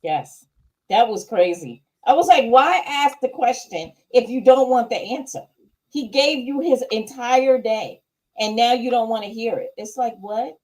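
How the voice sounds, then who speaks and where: Female co-host, agreeable sidekick energy, a touch high-pitched. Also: darkish tone, rough recording. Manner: agreeable, chimes in with quick affirmations. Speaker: co-host of show review podcast. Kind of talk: casual chat review.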